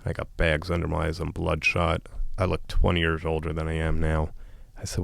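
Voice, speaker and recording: Deep gravelly guy telling his story, blunt, keeps restarting, dry sound. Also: monotone, normal speed, no echo. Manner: blunt, emotional, with frequent restarts and quoted dialogue. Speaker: guest. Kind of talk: candid storytelling in a podcast interview.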